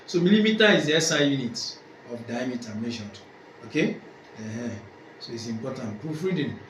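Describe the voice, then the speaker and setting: Man lecturing a class in an echoey room. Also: on the high side. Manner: asks questions and answers them himself, repeats key points. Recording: echoey room, faint background noise.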